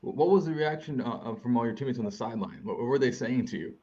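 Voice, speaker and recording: A man hosting a sports podcast, recapping a game in an animated, fast-talking way with frequent restarts. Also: medium pitch, highs cut off. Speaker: podcast host.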